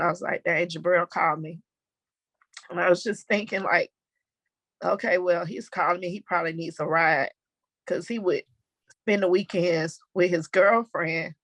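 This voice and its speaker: A middle-aged woman with a Southern American accent, telling her own story in a halting, emotional personal testimony. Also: fairly low pitch, a bit bright, no echo.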